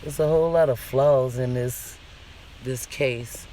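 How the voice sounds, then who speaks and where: A man's voice: medium pitch, steady tone, measured pace, very noisy. A man vlogging a casual, profane rant in an indignant, questioning way.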